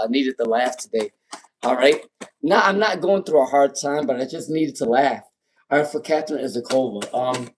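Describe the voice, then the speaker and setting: Casual male tarot reader on a live stream. Mid pitch, loose and repetitive, reads names straight off the chat. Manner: casual, repeats names and questions, laughs often while reading chat.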